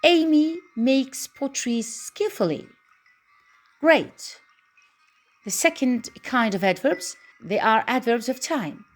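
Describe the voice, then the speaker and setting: A woman teaching a grammar lesson, reading out example sentences and then explaining each one slowly and deliberately. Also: high-pitched, animated, faint music behind.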